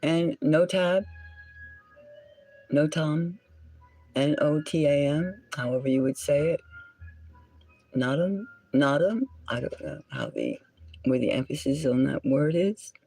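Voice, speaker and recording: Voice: mid-range voice, big pitch swings, normal speed, gravelly, dark tone, soft background music, poor audio. A tarot reader and channel host giving a solo reading in a musing way, often dropping into a whisper and stopping to correct words.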